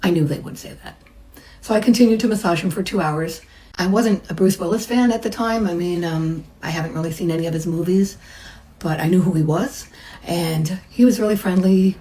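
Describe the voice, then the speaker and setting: A middle-aged woman recounts her own story in a relaxed, chatty way, with a fairly low voice. She slips into the voices of the people she quotes as she goes. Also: low-quality recording. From United States. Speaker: massage therapist. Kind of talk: personal storytelling.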